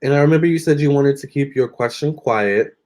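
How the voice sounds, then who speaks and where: A man's voice: medium pitch, fairly quick, darkish tone. A young man hosting a live tarot stream, chatting casually and reading out viewers' comments with lots of fillers and restarts.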